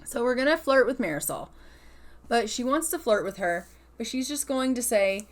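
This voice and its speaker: A woman narrates her life-simulation gameplay in a relaxed, chatty manner, with a slightly high-pitched voice. She slips into the characters' lines as she goes, playing both sides of each conversation. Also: moderate pace. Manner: casual, chatty, acts out both sides of dialogue. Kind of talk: let's play commentary voicing characters.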